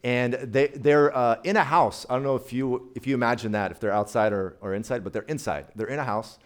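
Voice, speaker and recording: A man preaching as a guest speaker in a loose, conversational way. He keeps turning to the congregation with questions, in a playful tone. His voice sits at an ordinary middle pitch. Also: a little fast. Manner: chatty, playful, talks directly to the audience. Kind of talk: casual sermon.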